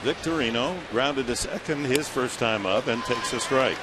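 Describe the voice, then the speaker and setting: A man calling a baseball game play-by-play in a steady, informative way, a little hoarse. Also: mid-range voice, moderate pace. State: slightly hoarse. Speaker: play-by-play announcer. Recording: broadcast booth over loud stadium crowd. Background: loud stadium crowd noise.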